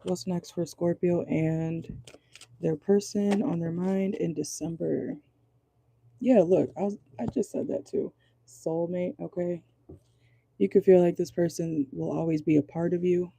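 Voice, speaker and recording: A woman giving a casual tarot reading, chatty and profane, with a voice going hoarse, constantly checking in with "okay?". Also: lowish voice, steady tone, unhurried, warm tone, slight background noise. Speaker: tarot reader.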